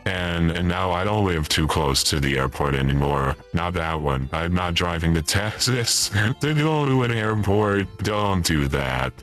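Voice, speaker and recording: Over faint background music, a male streamer plays an older, forgetful retiree in a comedic livestream chat, rambling, stopping, and repeating himself. His voice sits low with a fairly bright tone, expressive and a little slow, with hardly any pauses.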